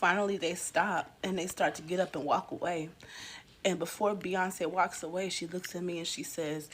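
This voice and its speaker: Animated woman telling a comic story. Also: on the low side, moderate pace, slight background noise. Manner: animated, exaggerated, swings loud and soft. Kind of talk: comedic storytime skit.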